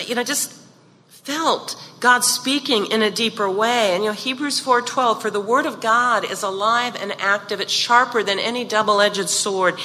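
A woman's voice: mid-range voice, bright, forceful tone, big-room sound, a little hiss or hum. A woman giving a devotional talk in a casual, joking manner, with many asides to listeners. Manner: chatty, joking, many "you know" asides. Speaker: devotional speaker.

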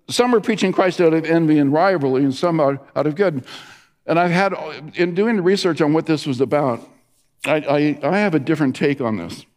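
A man's voice: on the high side, darkish tone. Man preaching, middle-aged, anecdotal sermon with stumbles and restarts, long hall reverb. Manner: storytelling with many restarts and fillers. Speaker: pastor.

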